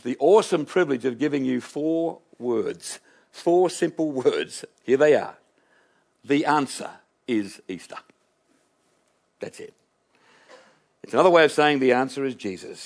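A man preaching a sermon to his congregation, emphatic and full of rhetorical questions and repetition. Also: mid-range voice. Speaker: minister preaching an Easter sermon.

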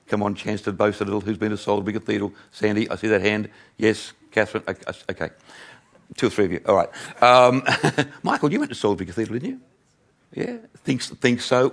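A man's voice: mid-range voice, fairly bright tone. An older man preaching a sermon to his congregation, chatty and self-mocking, often laughing with the crowd. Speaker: pastor.

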